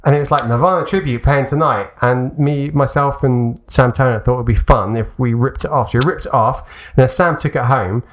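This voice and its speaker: A man's voice: mid-range voice, fairly quick, few pauses. A man co-hosting a casual chat show, telling anecdotes and laughing often as he goes. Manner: chatty, laughs a lot, puts on voices for anecdotes. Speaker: podcast co-host.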